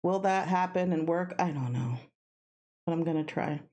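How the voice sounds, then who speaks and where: A worn-out woman chats loosely with her viewers while she plays, drifting between thoughts and now and then yelling at the game. Her voice sits on the low side, and a faint hiss runs under it, as from a home headset setup. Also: moderate pace. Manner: rambling, tired, bursts of excited yelling. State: tired. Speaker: streamer. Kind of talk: casual gaming stream chat.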